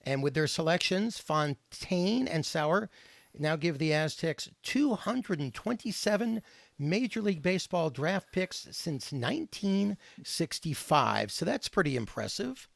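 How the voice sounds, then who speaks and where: Gravelly male co-host reading sports stats. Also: on the high side, unhurried, dry recording. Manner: reads stats in a steady, scripted way. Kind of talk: casual sports chat and reading news items.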